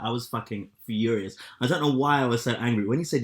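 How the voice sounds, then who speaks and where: A man in his thirties co-hosting a podcast, telling stories with lots of swearing and loud acted-out quotes. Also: medium pitch, fast, hardly any pauses. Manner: animated storyteller, swears a lot, acts out quotes loudly. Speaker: podcast co-host. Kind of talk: casual chat.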